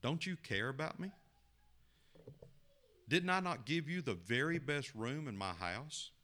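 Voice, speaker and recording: A man voicing an anxious, pleading young man in a told parable, his voice strained and higher. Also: lively intonation, unhurried, bright, forceful tone.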